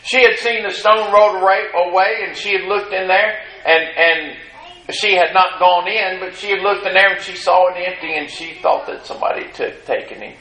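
A man preaches a sermon, his tone high and bright. He gets fervent, pushing his voice up and louder whenever he retells the words of scripture figures. The sound rings around an echoey church room. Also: normal speed. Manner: fervent, rises high and loud in retold dialogue.

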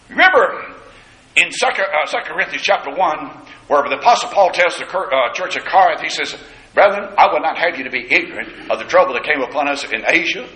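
A man's voice: a little high, lively intonation, normal speed, bright, forceful tone. A man preaching a sermon, dramatically acting out the scripture quotes. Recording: echoey church room.

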